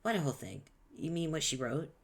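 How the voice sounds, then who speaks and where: A man's voice: a little high, very animated, a little fast, slightly rough, voice pushed up, exaggerated voice. A man voicing a cheerful, naive teenage boy, upbeat and a bit puzzled, reading a webcomic aloud.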